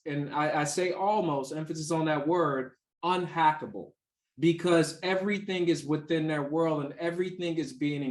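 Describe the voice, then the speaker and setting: A man's voice: a little high, roomy sound. A man who teaches cybersecurity, explaining casually with stories, fillers and restarts. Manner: chatty, anecdotal, many fillers and restarts. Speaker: cybersecurity instructor. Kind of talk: casual explanation answering questions.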